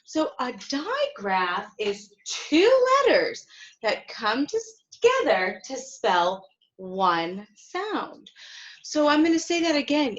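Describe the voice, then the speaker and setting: A woman teaching a phonics lesson to young children, speaking slowly and clearly, sounding words out and praising often. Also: fairly high pitch. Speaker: kindergarten teacher. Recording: slightly dull, lo-fi sound.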